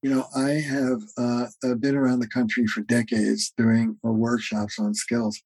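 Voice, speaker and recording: A man with a husky, mellow voice speaks as a therapist guest in a podcast interview. He explains concepts earnestly and in a teaching manner, often pausing on "uh." He sometimes acts out both sides of a couple's argument. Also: medium pitch, level tone, dry recording, rough recording.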